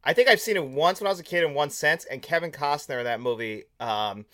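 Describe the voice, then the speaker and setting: Enthusiastic podcast host chatting dryly. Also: male voice, a little high, expressive, quick pace, a bit bright, dry recording, studio quality. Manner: enthusiastic, laughs often, casual swearing. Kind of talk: casual chat.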